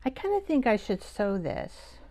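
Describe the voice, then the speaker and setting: A woman hosting a live art show, chatting and thinking aloud as she works, with soft half-whispered asides. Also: mid-range voice, sing-song, normal speed, a little hiss or hum. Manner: chatty, rambling, talks to herself while working.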